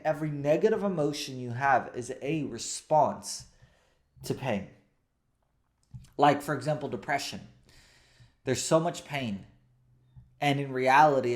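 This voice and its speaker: Emphatic man giving a motivational talk. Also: on the high side. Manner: emphatic, repeats key phrases for stress. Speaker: coach.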